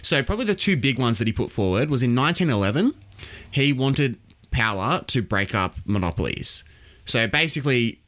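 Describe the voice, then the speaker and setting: A man's voice: medium pitch, sing-song, fairly quick, a bit bright. An Australian man hosting a podcast, explaining history casually and quizzing his co-host.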